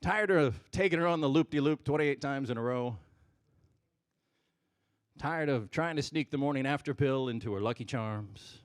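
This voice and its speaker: A man putting on a soothing low ad announcer. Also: normal speed, lightly acted. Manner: soft, low, soothing pitch. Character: smooth-voiced male ad announcer, calm and soothing.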